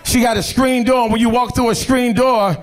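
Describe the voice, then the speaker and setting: A man from doing brash, profane stand-up, telling animated stories on a comedy stage. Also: extremely high pitch, a little fast. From Philadelphia.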